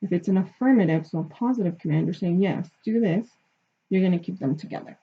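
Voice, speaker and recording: A woman's voice: fairly low pitch, quick pace, husky. A woman teaching a grammar lesson, explaining patiently step by step and checking in with her listeners. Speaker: Spanish teacher. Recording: dull lo-fi recording.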